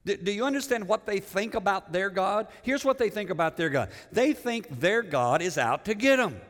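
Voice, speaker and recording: A middle-aged pastor preaches conversationally in a church sanctuary, his high-pitched voice swinging widely at a normal speed. He repeats words and puts questions to the congregation, with long church reverb on the recording.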